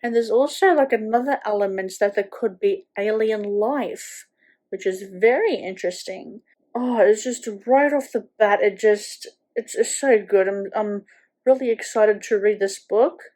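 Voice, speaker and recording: A woman's voice: medium pitch, measured pace, dark tone. A woman book vlogger chatting casually at home at night, rambling with lots of "like" fillers. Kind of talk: casual reading vlog chat.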